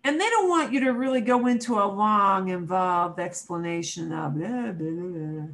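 A woman teaching a Spanish class over a video call, who models pronunciation by repeating words slowly and checks in often with her students. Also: mid-range voice, fairly bright tone, low-quality recording. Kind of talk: online class instruction.

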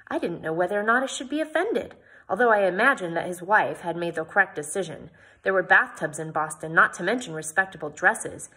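A woman's voice: on the low side, bright, forceful tone. A woman reading a novel aloud, with plain narration and chatty comments between passages.

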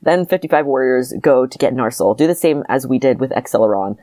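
A woman co-hosting a podcast, reading a childhood story aloud in a deadpan way and breaking into laughter between lines. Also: extremely low pitch, brisk, no room sound.

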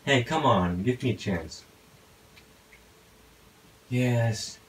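A man giving casual gameplay commentary, talking to himself with excitable outbursts. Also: medium pitch, very slow, slight background noise, rough recording. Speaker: gaming YouTuber.

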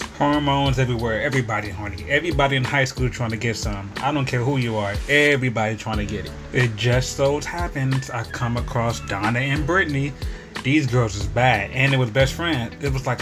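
A man telling a funny personal story in a casual, slangy, animated way, sometimes laughing. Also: mid-range voice. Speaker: storyteller vlogger. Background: video game music.

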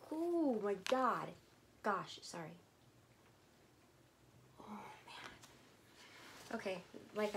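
A woman vlogger chatting casually to her viewers as she unboxes items, gushing and excitable. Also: a little high, slight background noise.

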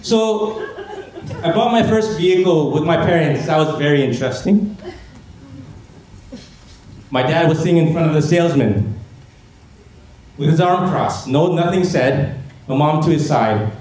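A man performing a stand-up comedy set on a gala stage, telling stories in a deadpan way and mimicking family members' voices. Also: a little high, unhurried, pauses often. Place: gala stage before a laughing audience. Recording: echoey hall with audience noise.

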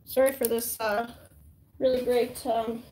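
High-voiced woman chatting to her dog. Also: little pitch movement, a little slow, warm tone, slight background noise, poor audio. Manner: high sing-song voice when talking to her dog. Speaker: livestream host. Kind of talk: casual livestream chat. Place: at home, moving indoors and out to the garden.

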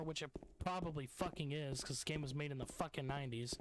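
This young gamer streamer talks fast in a voice on the high side. Narrating his own let's play, he grows frustrated and curses a lot, and the home recording is noisy.

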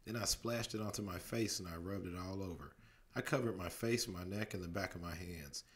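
A father reads a children's storybook aloud at bedtime in a deep, low voice. His narration is steady, and he slips into character voices along the way. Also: a little fast. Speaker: dad reading a bedtime story.

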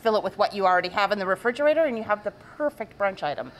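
A woman's voice: medium pitch, expressive, very fast. A woman pastry chef giving an upbeat cooking demonstration, explaining her dishes.

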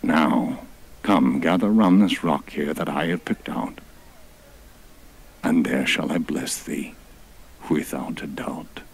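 A man's voice: rumbling low, slow pace, creaky, long pauses, breathy edge, exaggerated voice. A man voicing a pompous, crude male dinosaur god who makes grandiose rhyming proclamations. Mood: solemn.

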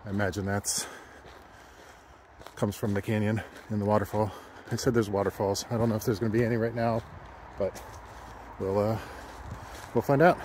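A man's voice: fairly low pitch, fairly even intonation, moderate pace, pauses often, darkish tone. An older man vlogging a hike, short of breath and thinking aloud with lots of fillers, recorded outdoors on a camera. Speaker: hiking vlogger. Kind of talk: casual vlog narration. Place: outdoors on a wooded trail by a stream. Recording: noisy outdoor camera audio. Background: running water and nature ambience.

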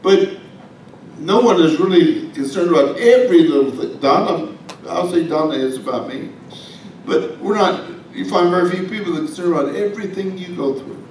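A man with a high voice delivers a folksy, humorous sermon, turning to the congregation with asides. He sounds far from the mic, and the church echoes heavily around him over a faint low rumble. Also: animated, moderate pace, darkish tone. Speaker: pastor. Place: church sanctuary.

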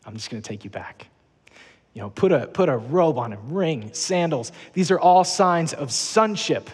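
A man voicing a gentle, forgiving father who speaks softly and reassuringly. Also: a little high, animated, a little slow, husky, long reverb tail. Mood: tender.

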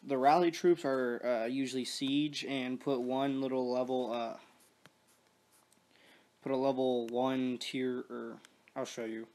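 A man's voice: medium pitch, steady tone, unhurried, a little mellow. A man giving loose, rambling commentary on a strategy game he is playing, swearing often and restarting his sentences. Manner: rambling, profane, many restarts and fillers. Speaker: mobile strategy game player. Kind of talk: casual gameplay commentary.

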